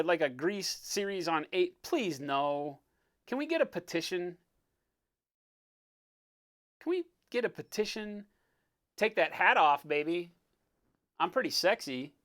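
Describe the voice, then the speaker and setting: Higher-voiced man joking through a live stream. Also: a bit bright. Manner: joking, rambling, greets chat by name. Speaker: livestream host, miniature painter. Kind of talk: casual live-stream chat.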